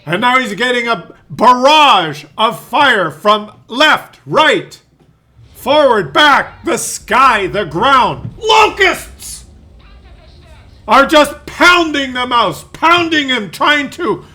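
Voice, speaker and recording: A man's voice: very high-pitched, sing-song, takes it slowly, bright, forceful tone. A man giving casual, playful commentary on a tank game replay, rambling and teasing as he goes.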